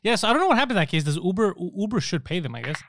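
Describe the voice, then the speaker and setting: A man's voice: high voice, rapid-fire, dry recording. A young man chatting casually on a podcast, telling stories animatedly and swearing freely. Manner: animated storyteller, acts out voices, swears. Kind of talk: casual chat.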